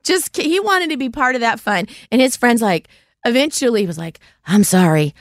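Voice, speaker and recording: A woman's voice: fairly high pitch, sing-song, fairly quick, fairly bright tone, no echo, studio quality. A woman in her forties hosting a podcast, telling stories in a casual chat and laughing often. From United States. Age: 40s. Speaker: podcast host.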